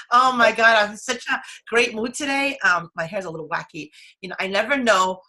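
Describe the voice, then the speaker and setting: Woman co-host, bubbly and quick to laugh, bright tone, casual morning chat. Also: on the high side. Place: New York.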